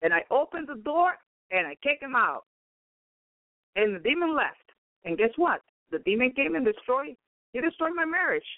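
A man's voice: extremely high pitch, very animated, normal speed, pauses often, no room sound. A man preaching on a radio program, telling his story in a rambling way, with frequent cries of praise and calls to his brothers and sisters. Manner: rambling, peppered with praise interjections. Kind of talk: radio sermon testimony. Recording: tinny phone-like radio line.

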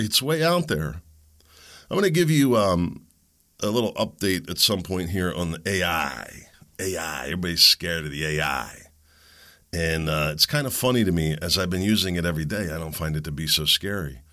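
Brief: middle-aged man, very low voice with a bright, forceful edge, casual podcast monologue. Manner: conversational, chuckling asides, rising emphatic bursts. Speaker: podcast host.

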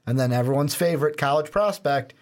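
A man's voice: on the high side, fast. A man co-hosting a sports podcast in casual chat, with a playful, teasing manner. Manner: playful, teasing, laughs easily. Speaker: podcast co-host.

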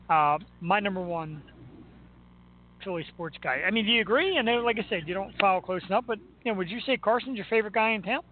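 A man hosting a talk show, chatting enthusiastically about local sports. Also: high voice. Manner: chatty, enthusiastic fan banter. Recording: tinny phone-like sound with faint noise.

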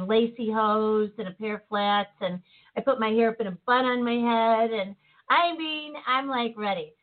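A woman hosting a podcast in casual chat, telling a story in a lively way and acting out the voices of the people in it. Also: on the high side. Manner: animated storyteller, acts out quoted voices. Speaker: podcast host. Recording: tinny phone-like line.

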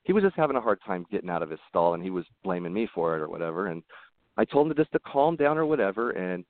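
Low-voiced man on a tinny line. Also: sing-song, quick pace, dry recording. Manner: rambling, earnest, with frequent restarts. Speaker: podcast guest. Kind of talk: casual interview storytelling. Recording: tinny phone-like line, dry.

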